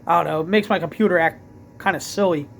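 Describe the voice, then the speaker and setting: A man's voice: a little high, fast, creaky, a bit bright, a little hiss or hum. A man with a Philadelphia accent, ranting casually to camera late at night as a vlogger, rambling with lots of fillers and restarts.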